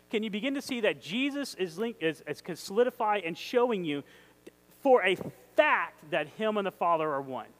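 Excitable high-voiced male preacher. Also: rough recording. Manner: excitable, emphatic, asks the audience questions. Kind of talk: sermon with scripture reading.

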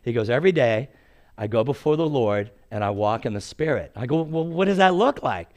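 A man's voice: medium pitch, animated, brisk, darkish tone. A man in his sixties preaching a sermon in a storytelling way, acting out quotes and laughing at his own stories.

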